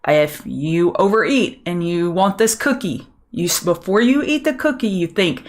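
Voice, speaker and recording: Her voice is fairly low and animated, moving at normal speed with few pauses. She's a middle-aged trading show host from Louisiana with a Southern accent, chatting cheerfully through a live market commentary stream and responding to viewers by name.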